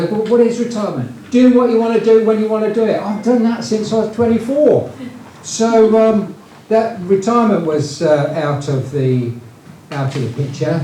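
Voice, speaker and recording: This man's voice is high and warm as he loosely recounts stories from running his company, full of fillers and false starts. He is a retired business founder speaking in a casual, anecdotal way, picked up by a distant mic in a very echoey room with faint noise.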